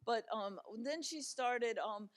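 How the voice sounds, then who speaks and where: A middle-aged woman giving a talk as a guest speaker, telling personal stories in a conversational, animated way with frequent fillers. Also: fairly high pitch, takes it slowly. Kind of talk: personal storytelling talk to an audience. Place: church event.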